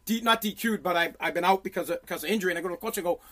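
A man's voice: high voice, rapid-fire, a bit bright. A man telling a story in a profane, intense rant, often restarting his sentences. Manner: intense, swearing, many restarts.

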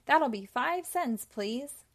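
A polite, self-pitying storybook troll, read aloud by a woman with a fairly high voice. He sounds calm and reasonable as he asks for his toll. It is a picture book read aloud to children. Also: a little slow. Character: polite, self-pitying male troll who collects tolls.

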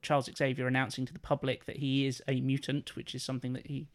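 A man co-hosting a podcast, explaining his film pitch in a rambling, hesitant way full of fillers. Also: completely flat delivery, fast talker. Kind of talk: casual chat.

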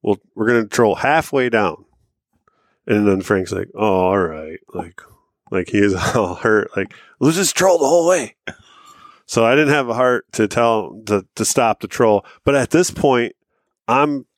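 A man's voice: on the low side, no room sound, studio quality. A man in his thirties, a podcast co-host telling a rambling, profane hunting-and-fishing story with laughs along the way. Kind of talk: casual storytelling.

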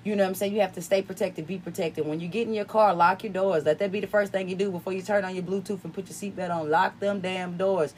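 A woman's voice: medium pitch, steady tone, fast talker, hardly any pauses, a little hiss or hum. A woman with a slight Southern country twang hosting a podcast. She talks casually but preaches at times, repeats phrases for emphasis and swears freely. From upstate New York. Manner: repetitive, preachy, profane. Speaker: podcast host. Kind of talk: casual spiritual chat.

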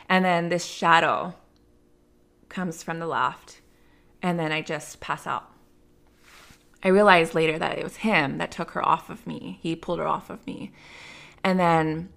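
A woman sits across from an interviewer and tells her own story in a candid, conversational way. Her voice sits low and carries a gravelly fry. She fills her sentences with "like" and "you know.". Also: steady tone, measured pace, long pauses, fairly bright tone. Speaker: interview guest.

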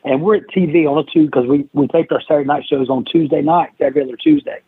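A middle-aged man with a slightly high, husky voice tells a long anecdote with lively energy, putting on the voices of people in his story. He sounds like he is on a narrow, tinny phone-like line with a dry, close sound. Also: fast, dry recording. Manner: animated anecdote-telling, acts out others' lines. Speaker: podcast guest, former wrestler. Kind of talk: casual storytelling interview.

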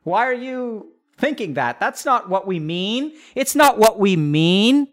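A defensive middle-aged parent, mimicked by a man, protesting in a raised, insistent voice. The pitch sits a little high and the words come out loud and pleading. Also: lively intonation, a little slow.

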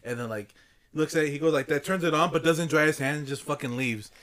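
A young man tells a story at a relaxed pace, swearing freely. His voice sits a little high and sounds bright and forceful. He co-hosts a casual podcast. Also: fairly quick. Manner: profane, animated storyteller. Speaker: podcast co-host.

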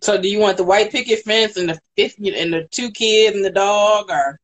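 A woman's voice: medium pitch, moderate pace. A woman in casual chat, teasing and probing with questions and frequent laughs.

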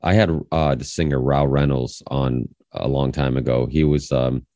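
Man, extremely deep voice, dry close sound, rambling podcast host, many restarts. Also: fairly even intonation, moderate pace, warm tone, dry recording. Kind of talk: casual conversation.

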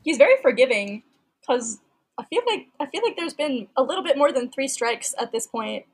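High breathy giggly woman guest. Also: very animated, normal speed. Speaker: podcast guest. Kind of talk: casual chat.

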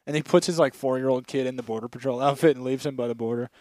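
A young man co-hosting a crude comedy podcast, tossing in quick jokes and laughing along. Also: medium pitch, fairly even intonation, mellow, no echo. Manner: joking, quick interjections, laughing. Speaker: podcast co-host. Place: indoor podcast setup. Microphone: podcast microphone.

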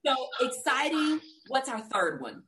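A woman's voice: high voice, huge pitch swings, measured pace, heavy background noise. A woman hosting a podcast interview, giving advice in a coaching tone with rhetorical questions. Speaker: podcast host. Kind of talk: casual interview chat.

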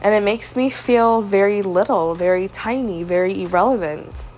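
A woman's voice: medium pitch, normal speed, a little mellow, soft background music. A young woman hosting a podcast, confiding a personal story in a hurt, frustrated way. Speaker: podcast host. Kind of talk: personal venting monologue.

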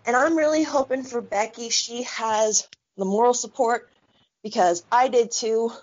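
A woman's voice: on the high side, unhurried. A woman in her thirties, co-hosting a podcast in casual chat, talking bluntly with lots of swearing and heated rants. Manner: blunt, profane, heated ranting. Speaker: podcast co-host. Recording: dull lo-fi sound.

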